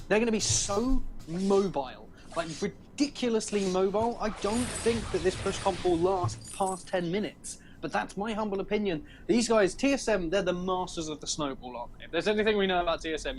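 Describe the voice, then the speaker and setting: A British man casting a live esports match, excitable and quick to shout at big plays. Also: sits high, a little hiss or hum. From Britain. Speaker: esports caster. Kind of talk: live game commentary.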